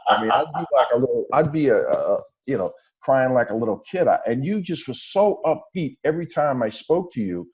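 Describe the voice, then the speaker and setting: A man's voice: mid-range voice, big pitch swings, brisk, hardly any pauses, a little mellow, dull audio. A man hosting an interview podcast, chatty and friendly, with short affirmations. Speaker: podcast host. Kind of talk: casual interview.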